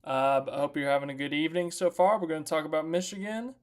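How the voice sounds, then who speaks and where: A man's voice: on the high side, fairly even intonation, quick pace. A young man hosting a casual live stream, chatting and joking as he recaps racing and greets viewers by name. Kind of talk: casual motorsport recap chat.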